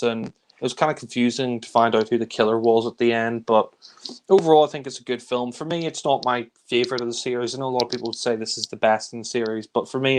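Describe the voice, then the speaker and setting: A man's voice: medium pitch, a little hiss or hum. A man reviewing films in casual chat, giving a rambling, loose recap of the plot. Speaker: film reviewer.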